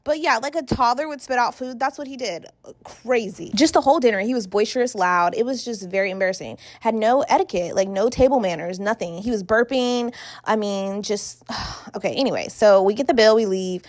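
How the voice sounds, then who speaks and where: A woman's voice: fairly high pitch, a little fast, dry recording. A young woman telling a chatty storytime vlog, talking straight to her viewers and acting out what people said. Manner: chatty, addresses viewers as y'all, acts out quotes. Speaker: vlogger. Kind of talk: storytime vlog while getting ready.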